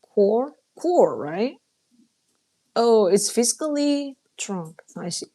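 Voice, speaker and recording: Woman streaming, talks slow and easy, dry throat, keeps clearing it. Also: fairly high pitch, sing-song, mellow. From Japan. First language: Japanese. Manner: chatty, laughs often, clears throat a lot. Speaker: livestreamer reading chat. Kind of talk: casual live-stream chat.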